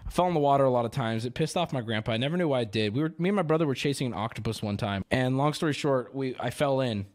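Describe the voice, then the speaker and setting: Talking very fast in a medium pitch, this livestream host rants sarcastically and profanely at his audience in casual chat. He tends to wander off into rambling stories.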